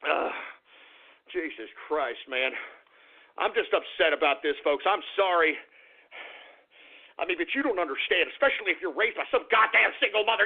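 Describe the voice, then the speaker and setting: A high-pitched man with a gravelly edge hosts a talk radio monologue, cursing freely and stumbling over his words as he rants. His voice is squeezed into a narrow, phone-like band, thin and lo-fi. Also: expressive, moderate pace, long pauses. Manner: profane, stammering rant. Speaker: radio talk show host.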